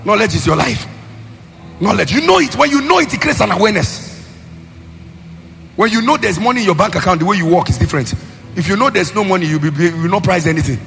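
A man with a Nigerian accent preaching a sermon as pastor, in a sing-song cadence that rises into shouted emphasis. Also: sits high, animated, fast talker, gravelly, pauses often. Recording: long hall reverb, faint music.

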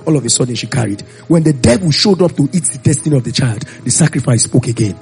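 A man's voice: mid-range voice, quick pace, creaky, soft background music. A man preaching a sermon, telling Bible stories and acting out the voices of the people in them. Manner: animated storytelling, acting out voices.

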